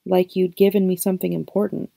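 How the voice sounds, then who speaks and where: A woman's voice: lowish voice, flat delivery, quick pace, creaky, mellow, no echo, studio quality. A woman reading the part of an eager, witty teenage boy who talks in long, playful sentences. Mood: earnest.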